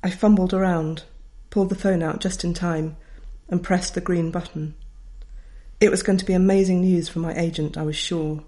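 A woman's voice: fairly low pitch, steady tone, moderate pace, mellow. A middle-aged woman, a writer reading her own memoir aloud in a wry, reflective way. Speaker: author.

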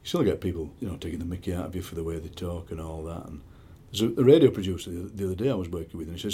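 A middle-aged man with a Barnsley accent, a poet chatting in an interview and reading his poems, lively and fond of doing voices. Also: low voice, very fast, few pauses, husky. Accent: Barnsley, South Yorkshire. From South Yorkshire, England. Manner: animated storyteller, slips into quoted voices. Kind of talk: conversational interview with poetry reading.

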